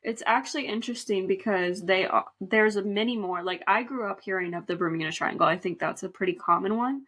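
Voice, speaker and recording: An easygoing woman co-hosts a podcast in relaxed chat. She asks questions and laughs along with her partner, and her voice sits in a middle range. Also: medium pitch, fairly quick. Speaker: podcast co-host. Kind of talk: casual chat.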